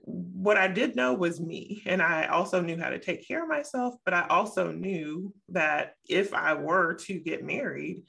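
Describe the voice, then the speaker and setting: Gravelly, forceful middle-aged woman. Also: on the low side. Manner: measured, reasoned, repeats for emphasis. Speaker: co-host. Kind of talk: casual panel discussion.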